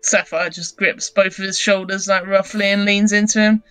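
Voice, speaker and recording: A woman's voice: medium pitch, flat delivery, normal speed, fairly bright tone, smooth, no room sound, faint music behind, poor audio. Casual woman player, dry close sound. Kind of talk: casual tabletop role-play.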